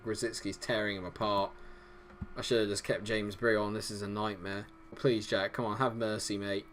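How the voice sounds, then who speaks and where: Cheering, groaning and swearing freely, a young gaming YouTuber offers casual commentary on his own football management game. His voice sits on the low side, and there's a little hiss or hum in the recording.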